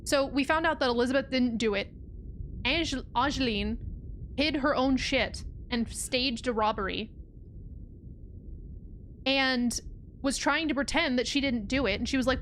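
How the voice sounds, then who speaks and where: With a high-pitched, somewhat bright voice, this young streamer speaks at a measured pace and pauses often. Her gameplay chatter is loose and lively, peppered with curses and frustration, over slight background noise.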